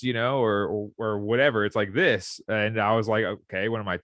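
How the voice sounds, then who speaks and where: A man's voice: on the low side, fairly even intonation, a little fast, a bit bright, dry recording, studio quality. Laid-back young man, laughing easily. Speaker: podcast co-host. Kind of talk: casual chat.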